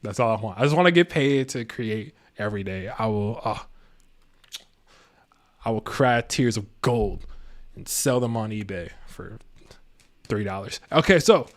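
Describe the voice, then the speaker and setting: A man's voice: lowish voice, expressive, unhurried, pauses often. A man giving a casual live tarot reading, slangy and laid-back, chuckling to himself. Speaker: tarot reader and astrologer.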